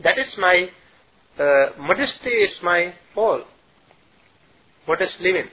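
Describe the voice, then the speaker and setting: Male Buddhist teacher giving a slow dharma talk, halting delivery, dull recording. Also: high-pitched, lively intonation, slight background noise. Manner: slow and halting, chants Pali verses.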